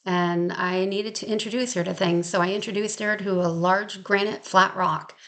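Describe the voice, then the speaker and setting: A woman dog trainer tells a story in a relaxed, chatty way, laughing easily as she goes. Her voice has a gravelly fry at a middling pitch. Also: normal speed. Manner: chatty, laughs often, acts out quotes. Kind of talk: casual storytelling. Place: Maine.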